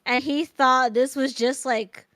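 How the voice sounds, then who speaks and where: A woman chatting casually on a stream, giggly and excitable, sometimes reading a story aloud. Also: high-pitched, unhurried, dry recording.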